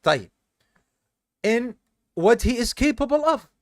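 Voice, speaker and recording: A man's voice: extremely high pitch, big pitch swings, unhurried, no room sound, clean studio sound. A tired man teaching a religious study class, explaining step by step, quizzing his students and mixing in Arabic terms. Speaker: teacher of an Islamic study course. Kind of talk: classroom lesson. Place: live class session with students.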